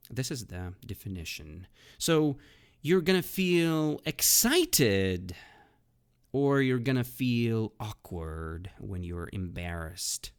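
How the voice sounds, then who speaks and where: Animated low-voiced man teaching vocabulary. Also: slow pace, smooth. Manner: explains with frequent "right?" and "okay?" checks; hesitant, with many "uh" and "um" fillers. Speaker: English teacher, podcast host. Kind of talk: casual vocabulary lesson.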